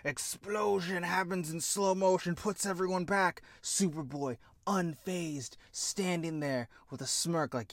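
Exasperated man ranting, slow and sarcastic. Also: high voice, no echo. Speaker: show host. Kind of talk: ranting TV review.

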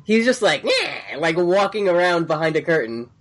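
A man's voice: on the high side, expressive, fairly quick. A man co-hosting a podcast, chatting casually and profanely, laughing often and acting out lines from the show. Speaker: podcast co-host. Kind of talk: casual recap chat.

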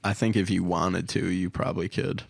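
A man's voice: deep voice, flat delivery, normal speed, creaky, no echo. A young man in casual chat, laid-back, answering briefly and telling short stories.

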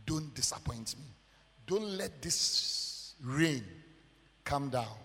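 A man voicing a distraught young male pastor who pleads with God in lower, softer tones. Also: lively intonation, slow, breathy edge, heavily acted. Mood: pleading. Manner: pleading, lamenting. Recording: long church hall reverb.

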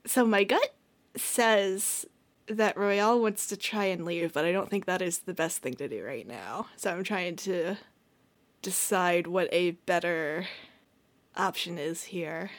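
A woman's voice: lowish voice, measured pace. A woman playing a tabletop role-playing game who swears often and sounds sarcastic. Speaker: player. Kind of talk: tabletop role-play, casual chat.

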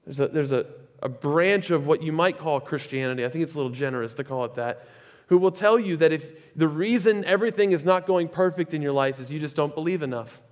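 A male pastor with a high-pitched voice preaches in a lively, conversational way, breaking off into casual asides. His voice carries through a large hall with a long reverb tail. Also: a little fast. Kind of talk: sermon.

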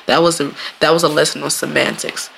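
A podcast host in a casual solo monologue, animated and swearing freely, often laughing and acting out quoted lines in playful voices. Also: mid-range voice, brisk, creaky, slight background noise.

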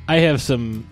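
Ranting man on a podcast. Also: mid-range voice. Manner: irreverent, profane ranting. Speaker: podcast co-host. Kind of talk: casual ranting podcast talk.

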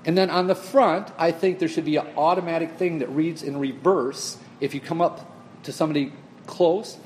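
A man's voice: a little high, normal speed, slight background noise. A man casually telling a funny story to a group, acting out the lines he says. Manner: animated, acts out exclamations. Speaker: person pitching an idea to a group.

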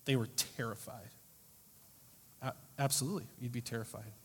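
A man preaching a sermon in a conversational, wry way, swinging between loud emphasis and quiet asides. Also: mid-range voice, steady tone, brisk, slightly rough. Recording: long hall reverb.

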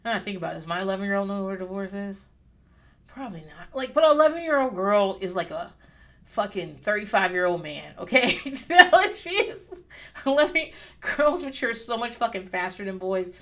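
A woman's voice: mid-range voice, lively intonation, brisk, fairly bright tone. A woman talks casually as a podcast host, recapping a reality show. Her speech is loose and rambling. She swears often and breaks into laughter along the way. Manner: swears freely, rambling and candid, with bursts of laughter. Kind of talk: casual chat.

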